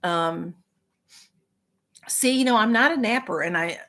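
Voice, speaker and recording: A woman's voice: mid-range voice, lively intonation, a little slow, a bit bright. A woman hosting a casual live stream, chatting and answering viewer comments in a sympathetic way, with frequent ums and restarts. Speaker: livestream host reading viewer comments.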